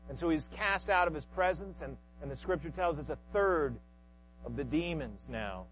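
A man's voice: on the high side, lo-fi sound, a little hiss or hum. A man, a pastor, preaching a sermon with rhetorical questions and acted-out quotes.

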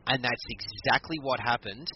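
A man's voice: mid-range voice, normal speed. A man co-hosting a casual podcast, animatedly retelling a wrestling match and acting out what people said. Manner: animated storytelling, acts out quotes. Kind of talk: casual chat recapping matches. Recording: muffled lo-fi audio with background noise.

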